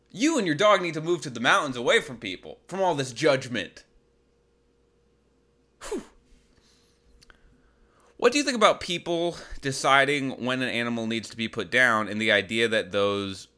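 A man's voice: medium pitch, bright, forceful tone. A young man hosting a comedy advice podcast, reading listener questions and ranting back in disbelief with rhetorical questions. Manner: incredulous, exasperated rants with rhetorical questions.

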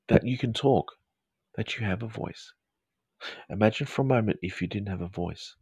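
Low-voiced joking counsellor man. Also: vocal fry, a little mellow, slightly rough, dry recording. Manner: rambling and playful, stumbling restarts and jokes. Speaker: counselling host of a live audio show. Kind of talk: casual chat, live call-in counselling.

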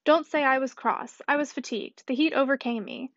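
A woman reading a teasing, gallant young gentleman. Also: high-pitched, fairly quick, dry recording, lightly acted. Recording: dull dry audiobook recording.

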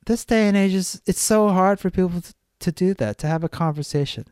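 A man's voice: sits high, brisk, a little mellow, clean tone, no room sound, studio quality. Blunt, swearing man ranting solo. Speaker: podcast host. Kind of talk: solo podcast monologue.

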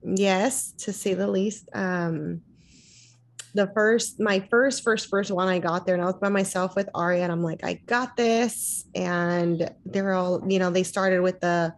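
Animated woman telling a story. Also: lowish voice, measured pace. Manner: animated, acts out voices in her anecdotes. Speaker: dance mom. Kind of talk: casual chat, storytelling.

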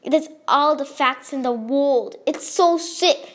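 Woman doing a New Jersey accent, brash boy bully, high voice, storybook reading. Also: unhurried. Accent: New Jersey, put on.

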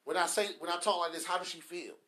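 A man with a high, bright, forceful voice gives a motivational talk on his podcast. He preaches in emphatic bursts and fires off rhetorical questions. The room around him has a noticeable echo. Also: steady tone, fast. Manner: emphatic preacher-like cadence with rhetorical questions, swinging between soft and loud. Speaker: podcast host.

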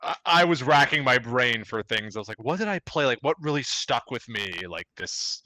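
A man co-hosting a casual gaming podcast. He talks in an animated way and stammers a little when he starts a thought. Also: mid-range voice, normal speed, no room sound, low-quality recording. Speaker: podcast co-host.

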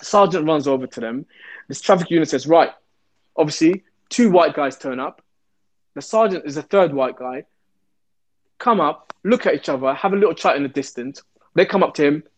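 A man's voice: a little high, normal speed. A man, a former police officer, telling a story in an interview and acting out the voices he quotes. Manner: animated, acts out the quoted voices.

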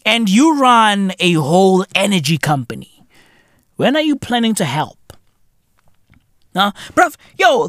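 A young South African man hosting a podcast, ranting in a casual, profane, comedic way with shouting and laughter. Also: high voice, no echo, studio quality. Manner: animated, profane, bursts into loud laughter and shouting. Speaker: podcast host.

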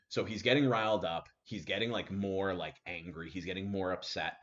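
A man host telling a story casually, animated, with many fillers, acting out what people said. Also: deep voice, fairly quick. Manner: animated, full of fillers and acted-out quotes. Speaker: podcast host. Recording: dull lo-fi sound.

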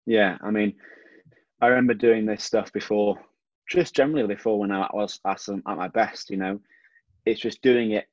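A man's voice: fairly low pitch, normal speed, no echo, dull audio. A young English man, a swimmer being interviewed, talking casually and easily with lots of "you know". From England. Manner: relaxed, chatty, frequent "you know". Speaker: swimmer, guest.

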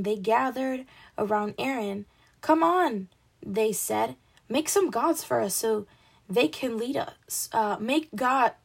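A slightly high, husky woman's voice with vocal fry reads a Bible passage casually. She stumbles over words, apologizes for her slips, and laughs at her own mistakes.

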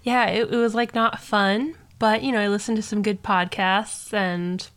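A young adult woman co-hosting a podcast, joking and laughing through relaxed casual chat. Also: mid-range voice, moderate pace. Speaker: podcast co-host.

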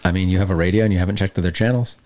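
A man's voice: low-pitched, fairly even intonation, racing, very noisy. A man running a comedic tabletop game as game master, playful and swearing casually.

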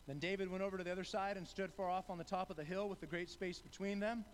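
A man's voice: sits high, quick pace, a little hiss or hum, rough recording. A man preaching a sermon in a conversational way, acting out the characters in the story and often repeating words as he starts a sentence. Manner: conversational, acts out biblical characters with rising excitement. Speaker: pastor.

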